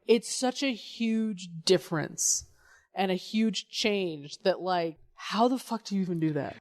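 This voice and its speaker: A woman's voice: medium pitch, unhurried, darkish tone. Give me a woman in frank, sweary podcast chat. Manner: frank, emphatic, swears freely. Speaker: podcast co-host. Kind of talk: casual chat.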